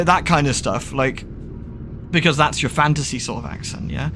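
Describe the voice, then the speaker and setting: A man's voice: a little high, animated, moderate pace, a bit bright, slight background noise. Chatty West Country English man. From England. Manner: chatty, rambling, lots of fillers and restarts. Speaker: streamer. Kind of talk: casual gaming commentary.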